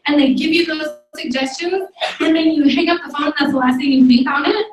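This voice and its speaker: A woman's voice: sits high, fairly even intonation, fairly quick, distant mic. Firm woman lecturing a team, echoey room. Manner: firm and scolding, keeps asking "okay?". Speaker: sales team leader giving a training talk. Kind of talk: motivational training talk to a live room. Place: meeting room with an audience. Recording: echoey room, recorded from afar.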